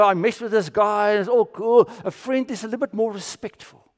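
Male preacher from South Africa, high voice, long hall echo, dramatic dynamic drops. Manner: dramatic swings from loud to near-whisper. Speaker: pastor. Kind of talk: sermon.

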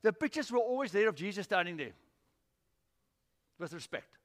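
Animated pastor preaching in a hall. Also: male voice, high voice, normal speed. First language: Afrikaans. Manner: animated storytelling with acted-out voices. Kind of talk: sermon. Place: church.

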